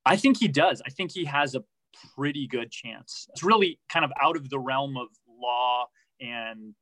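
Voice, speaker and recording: A man's voice: mid-range voice, a bit bright, no room sound, poor audio. A man answering interview questions about his reporting, thoughtful, with many restarts and fillers. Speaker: podcast reporter, guest.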